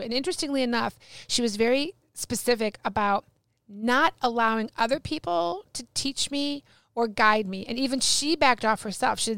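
A woman guest on a podcast, telling a personal story in a casual, animated way and acting out the dialogue. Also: on the high side, no echo. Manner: animated, acts out quoted dialogue. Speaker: guest medium.

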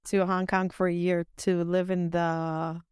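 A woman hosting a podcast, telling personal stories in a lively, conversational way and acting out the voices of people she quotes. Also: fairly low pitch, unhurried, clean tone, no room sound, clean studio sound. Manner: animated storyteller, acts out quoted voices. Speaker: podcast host. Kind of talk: casual conversational interview.

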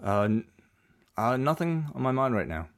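A man co-hosting a casual chat podcast while sick, animated and hesitant, often restarting his sentences. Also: medium pitch, normal speed, no room sound, clean studio sound. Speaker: podcast co-host.

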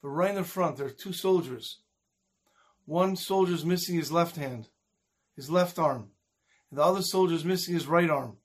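A man with a fairly high voice delivers a storytelling sermon. He narrates with animated energy and builds toward a moral lesson. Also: normal speed, pauses often. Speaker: speaker at a community event.

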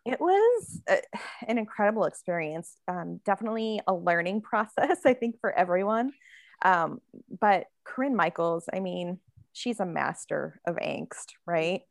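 A woman author chats easily in a podcast interview, laughing often and padding her answers with fillers. Her voice is a little low for a woman and has a gravelly edge. The close mic gives a dry sound with almost no room in it. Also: lively intonation, measured pace, dry recording. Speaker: author guest. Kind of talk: casual interview chat.

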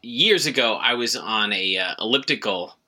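A middle-aged man with a very bright, slightly husky voice, chatting casually on a podcast. He drops dry, wry one-liners in his easy banter. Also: on the low side, expressive, moderate pace. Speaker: podcast co-host. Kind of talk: casual comedic chat.

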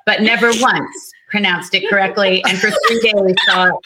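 A woman's voice: mid-range voice, steady tone, moderate pace, noisy background. A woman hosting a casual online chat show, chatty and self-mocking as she tells a funny story. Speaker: host.

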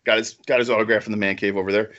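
Excitable guy rambling about movies on a podcast, laughs a lot, kinda dull lo-fi sound. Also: lowish voice, rapid-fire. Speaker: podcast co-host. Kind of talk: casual podcast chat.

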